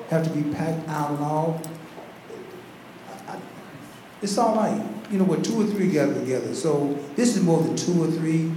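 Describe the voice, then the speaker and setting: A man's voice: a little high, mellow. A man preaching as pastor to his congregation, building to fervent, repetitive calls. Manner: preaching with rising fervor and repetition. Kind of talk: sermon. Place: large echoing church hall. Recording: very echoey church hall, faint background noise.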